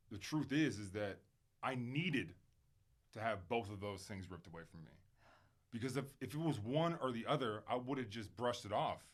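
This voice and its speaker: A man speaking candidly as a podcast guest, emphatic and animated at times, then quiet and reflective, swearing casually and using plenty of fillers. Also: lowish voice. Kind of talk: candid conversational interview.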